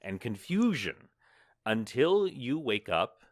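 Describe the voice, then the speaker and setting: Lively-voiced man running a tabletop game. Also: medium pitch, dry recording, clean studio sound. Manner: playful, drawn-out sing-song intro, halting with fillers. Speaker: game master. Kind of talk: narrating a tabletop game podcast.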